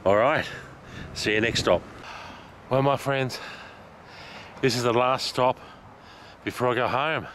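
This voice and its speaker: A man vlogging outdoors while walking, out of breath, excited and chatty, laughing often. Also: mid-range voice, measured pace, pauses often, a little hiss or hum. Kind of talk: casual vlog while walking. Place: outdoors in a park.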